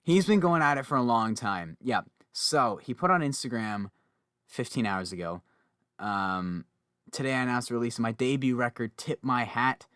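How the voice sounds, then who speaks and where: A young man hosting a casual podcast chat, talkative and quick to laugh, often interrupting himself. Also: medium pitch, expressive, fairly bright tone, clean tone, dry recording, studio quality. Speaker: podcast host.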